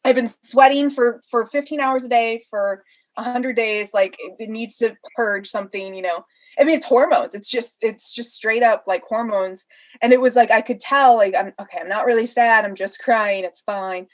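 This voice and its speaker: A woman's voice: fairly high pitch, moderate pace. A pregnant woman telling stories in a casual podcast interview, laughing often and acting out the voices of people she quotes. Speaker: interview guest.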